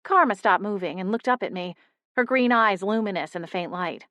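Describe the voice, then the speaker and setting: A young woman narrating a first-person audiobook in a steady, intimate storytelling manner. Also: medium pitch, fairly quick, dry recording. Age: young adult.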